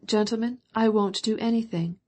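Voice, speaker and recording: A woman reading a proud young count in an audiobook, torn and pleading, his voice rising higher. The tone stays dark and slightly husky. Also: fairly even intonation, normal speed, lightly acted. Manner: pleading, emotional.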